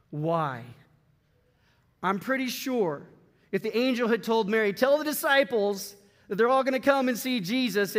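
A man preaching a sermon to a congregation, swinging from loud bursts to hushed, drawn-out words. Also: high-pitched. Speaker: pastor. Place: church sanctuary. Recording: long hall reverb.

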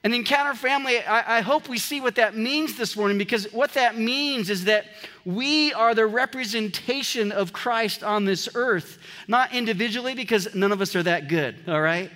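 A man pastor preaching an animated sermon to his congregation, breaking off now and then to joke with them, recorded in a church. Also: high voice, normal speed, long reverb tail. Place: church sanctuary.

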